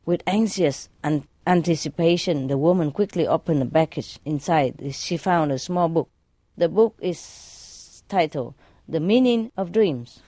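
Woman, casual joke reading, slightly low voice, dry recording. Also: measured pace, warm tone, no room sound. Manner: reads jokes aloud and laughs at the punchlines. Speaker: host reading jokes.

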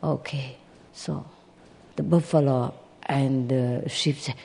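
A storyteller narrating an animal fable at an unhurried pace, with sighs, small laughs and asides to listeners. The voice is mellow and dark. A long reverb fills the space. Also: medium pitch, fairly even intonation, vocal fry, slightly rough.

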